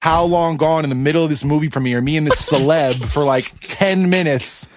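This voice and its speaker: A man telling an animated story in casual podcast chat, swearing casually and speeding up in bursts. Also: a little high, moderate pace, slight background noise.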